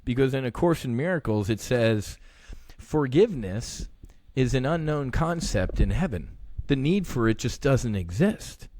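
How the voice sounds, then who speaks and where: A man's voice: medium pitch, lively intonation, measured pace, a little mellow, no echo. Middle-aged man, earnest podcast guest, plain mid voice, acts out dialogue, dry close mic. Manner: earnest, swears freely, reenacts dialogue. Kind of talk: casual interview talk.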